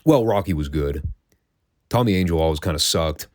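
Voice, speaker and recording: A man's voice: very deep voice, expressive, normal speed, a little mellow, no room sound, clean studio sound. A man hosting a classic wrestling review show, recapping matches in a wry, sarcastic, casual tone and swearing freely.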